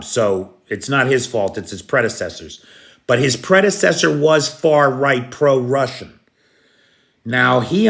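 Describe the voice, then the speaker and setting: A man's voice: medium pitch, vocal fry, a bit bright. A man hosting a casual livestream, thanking viewers by name and answering their comments bluntly. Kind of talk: casual live-stream chat.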